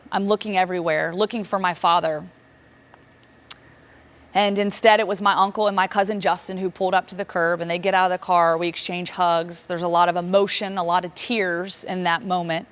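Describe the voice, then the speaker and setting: A woman in her thirties from Virginia speaks to an audience, telling a personal story. Her voice is emotional and paced with dramatic pauses, and it jumps up sharply when she relives moments of disbelief. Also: mid-range voice. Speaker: keynote speaker.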